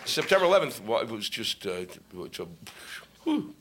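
A man doing a stand-up comedy set on a club stage, ranting with lots of profanity and shouting bits. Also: mid-range voice, sing-song, moderate pace. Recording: live club recording with room noise.

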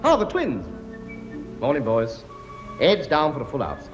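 A man's voice: mid-range voice, wildly swooping pitch, measured pace, highs cut off, loud music behind the voice. An actor playing a cheeky, bossy king who lectures his many children in a comedy sketch. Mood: scornful. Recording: noisy recording.

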